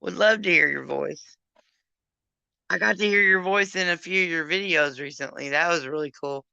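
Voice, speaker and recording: A woman's voice: on the low side, moderate pace, vocal fry, sharp tone, smooth, no room sound, lo-fi sound. A drunk woman hosting a casual live chat, rambling, affectionate and crude as she calls on her friends. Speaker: live stream host.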